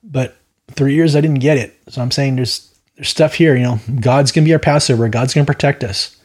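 A man's voice: mid-range voice, steady tone, brisk, a little mellow. A man hosting a Bible study, teaching verse by verse with a rambling, opinionated delivery and frequent stammered restarts. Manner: rambling, stammers and repeats words, opinionated asides.

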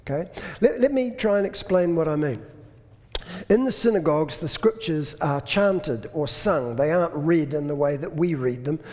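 A man's voice: on the high side, animated, normal speed, darkish tone, a little hiss or hum. Preacher man in an echoey church. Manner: explanatory, conversational, self-deprecating humor. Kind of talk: sermon. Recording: echoey hall.

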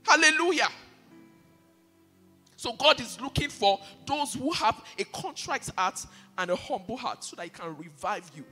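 High, lively-voiced preacher man. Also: normal speed, husky. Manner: impassioned, repeats key phrases for emphasis. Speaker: pastor. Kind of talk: sermon. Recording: reverberant hall with faint music behind.

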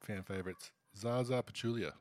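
A man's voice: on the low side, moderate pace, darkish tone, dry recording. A man with an Australian accent co-hosting a casual sports podcast, joking in a dry, offhand way. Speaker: podcast co-host. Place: small room at a table.

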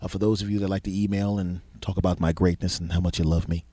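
A man's voice: low voice, flat delivery, fast, mellow, dry recording. A man hosting his own podcast, telling a comic story in a loose, swearing style and acting out the people in it. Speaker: podcast host. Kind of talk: solo comedic storytelling podcast.

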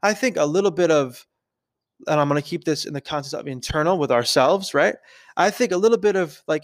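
A man hosting a podcast, thinking aloud in a casual, conversational way and often checking in with a quick "right?". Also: a little high. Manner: conversational, keeps asking "right?". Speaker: podcast host. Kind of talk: casual reflective podcast talk.

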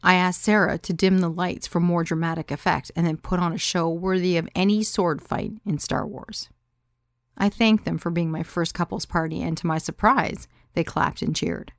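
A woman's voice: fairly low pitch, fairly even intonation, moderate pace, vocal fry, no room sound, clean studio sound. A woman narrating her own story in the first person, in a wry, confiding way.

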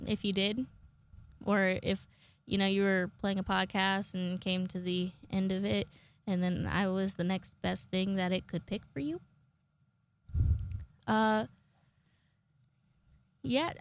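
A young woman hosting her own podcast, rambling casually and swearing a lot as she laughs at her own jokes. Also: medium pitch. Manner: rambling, swearing, self-amused. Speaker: podcast host. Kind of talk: casual solo podcast sign-off.

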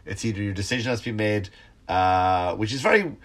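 A middle-aged man with a slightly low voice, stuffed up and sniffly. He rambles through a casual comic monologue, swearing freely and cutting himself off mid-sentence. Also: animated, brisk, a bit bright. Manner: rambling, profane, self-interrupting. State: congested, sniffly. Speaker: stand-up comedian hosting a podcast.

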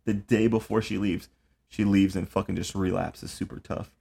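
A man's voice: low voice, fairly even intonation, moderate pace, creaky, crowd noise. A young man hosting a casual podcast chat, telling rambling stories full of swearing and fillers. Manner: profane, rambling storyteller with lots of fillers. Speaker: podcast host.

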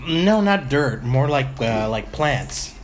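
Woman co-host, low voice, relaxed chat, faint hiss behind. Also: takes it slowly. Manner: laid-back, swears casually, talks while chewing. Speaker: podcast co-host. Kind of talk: casual chat, snack tasting. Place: indoors at a table with a microphone.

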